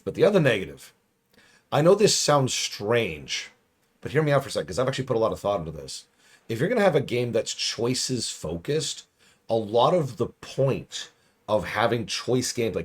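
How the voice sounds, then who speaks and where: A man reviewing a game on a live stream, hoarse and losing his voice, chatty and thinking out loud. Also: mid-range voice. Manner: chatty, thinks aloud, restarts. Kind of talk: casual live-stream commentary.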